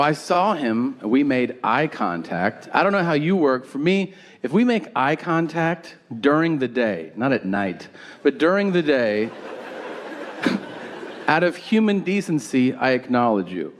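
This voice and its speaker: A man's voice: mid-range voice, very animated, a little slow. A man doing a stand-up comedy set, telling a story with acted-out dialogue and crude punchlines. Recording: live venue with audience laughter noise. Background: audience laughter.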